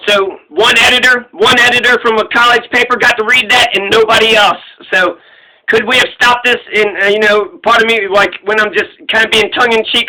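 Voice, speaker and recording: Casting: high-pitched young American man, very bright and sharp tone, heated sarcastic ranting, swears constantly. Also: little pitch movement, fairly quick, rough recording. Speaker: vlogger. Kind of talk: profane ranting monologue.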